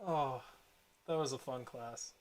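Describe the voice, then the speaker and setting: A man's voice: mid-range voice, slow pace. A young man streaming and chatting casually while gaming, rambling and often laughing at his own stories.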